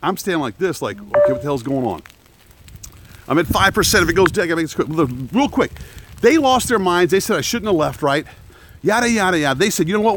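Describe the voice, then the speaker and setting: A man vlogging from the woods, telling a story with emphatic, animated delivery and shouted quotes, filming himself on a phone at arm's length. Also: a little high, a little fast. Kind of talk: casual storytelling vlog. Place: woods outdoors. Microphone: phone held at arm's length for a selfie.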